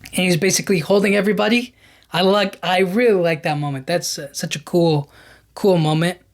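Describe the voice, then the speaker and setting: A young man talks through a movie's plot as a podcast host, in an easygoing, chatty way. He stumbles and restarts often and speeds up when the action gets exciting. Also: high-pitched, fairly quick, vocal fry. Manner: animated retelling with many fillers and restarts. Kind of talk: casual film recap.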